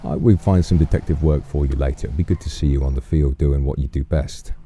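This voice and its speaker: A man's voice: rumbling low, steady tone, fast talker, warm tone, a little hiss or hum. A man with a Cockney accent playing a police officer in an online game roleplay, chatting and musing aloud with many restarts. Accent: Cockney London.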